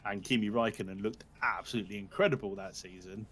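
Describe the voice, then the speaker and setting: Man, teasing guest, quick quips, low voice. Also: fairly even intonation, a bit bright, breathy edge. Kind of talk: casual live-stream chat.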